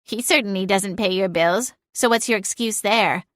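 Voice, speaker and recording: A woman's voice: medium pitch, moderate pace, fairly bright tone, no echo, natural voice. A woman voicing a snarky, sarcastic female cat familiar with a dry, cutting, mocking manner in an audiobook. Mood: snide. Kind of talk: audiobook narration.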